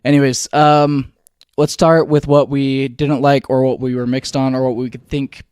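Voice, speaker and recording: A man's voice: medium pitch, flat delivery, darkish tone, smooth, no room sound, clean studio sound. A young man co-hosting a film review podcast, chatting casually with lots of fillers and restarts. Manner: talks in quick bursts with many fillers and restarts. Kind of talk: casual chat.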